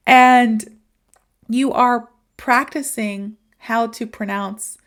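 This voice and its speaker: A woman's voice: on the high side, steady tone, drawn-out words. A woman hosting a podcast as a teacher, talking casually and upbeat straight to her listeners. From United States. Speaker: podcast host and English teacher. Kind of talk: casual solo podcast talk.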